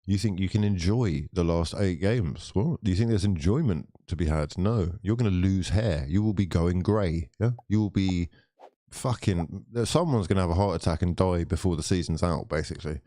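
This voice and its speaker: A man's voice: sits low, normal speed, dark tone, dry recording, studio quality. A young man streaming a live football watchalong, ranting, swearing and bantering with his viewers. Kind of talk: live watchalong commentary and chat.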